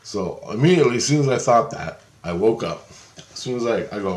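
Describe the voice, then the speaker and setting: A man's voice: lowish voice, animated, a little fast, roomy sound. A man rambling through a personal story in a casual monologue, restarting and repeating himself. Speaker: vlogger.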